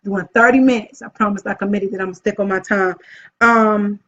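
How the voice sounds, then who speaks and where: A woman hosting a casual live video as an event planner, upbeat and chatty, often gushing about how excited she is. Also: medium pitch, a little fast. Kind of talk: casual live-stream talk. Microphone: phone or webcam live stream. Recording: dull lo-fi live-stream audio.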